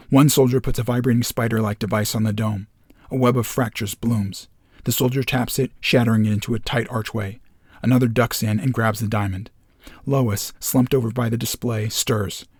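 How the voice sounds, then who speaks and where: Husky man reading a screenplay. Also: medium pitch, darkish tone, no room sound, studio quality. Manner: reads scene directions in short, measured phrases. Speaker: script reader.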